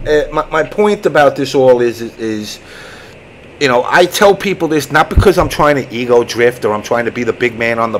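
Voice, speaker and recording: On a casual online show, the host tells a long, animated story full of swearing and acted-out voices. His voice is mid-range, and the poor audio carries a little hiss or hum.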